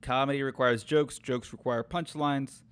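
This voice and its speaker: A man's voice: medium pitch, steady tone, normal speed, fairly bright tone, clear, resonant tone. Rambling man thinking aloud. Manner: rambling, thinking aloud, many fillers and restarts. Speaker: streamer testing AI story tools. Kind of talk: casual chat.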